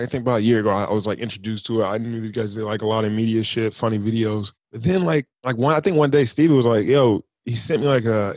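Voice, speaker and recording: A man hosting a loose podcast chat, cursing casually and cutting in with exclamations. His voice is husky and a bit raspy at a middling pitch. The sound is close and dry. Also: a little mellow, dry recording. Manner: loose, profane, interjects with exclamations. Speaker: podcast host.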